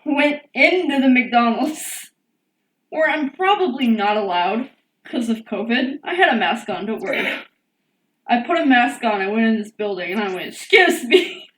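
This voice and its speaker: A young woman co-hosting a podcast, telling an animated story in casual chat and acting out the quotes. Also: a little high, normal speed. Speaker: podcast co-host. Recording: echoey room, distant mic, faint hiss.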